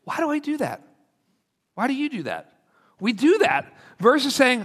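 Earnest preacher in a ringing hall. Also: male voice, extremely high pitch, huge pitch swings, a bit bright. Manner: earnest, storytelling, slows down for quotes. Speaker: pastor. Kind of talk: sermon.

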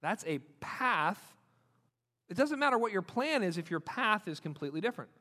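Man, pastor, sermon, high voice, animated and emphatic, echoing hall. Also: moderate pace. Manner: animated, repeats points for emphasis, acts out quoted people. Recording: long reverb of a large hall.

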